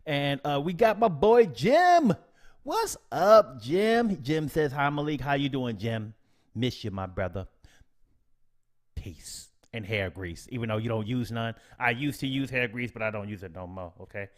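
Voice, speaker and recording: A man's voice: mid-range voice, fairly quick. A young man hosting a casual live stream tutorial, chatty and upbeat, with playful slang, reading out viewers' comments. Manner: upbeat, slangy, chatty, reads chat shout-outs aloud.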